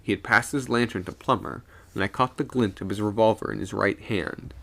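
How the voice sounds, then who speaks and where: A man's voice: lowish voice, fairly quick, creaky, sharp tone. A man streaming live, reading a ghost story aloud and voicing its characters.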